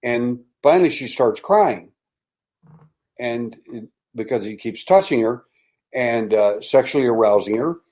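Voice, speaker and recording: An older man speaks as a podcast guest at an ordinary, middle pitch. He tells his story haltingly, full of restarts, and often sinks into a hushed, dramatic tone. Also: lively intonation, low-quality recording. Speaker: interview guest, abduction researcher.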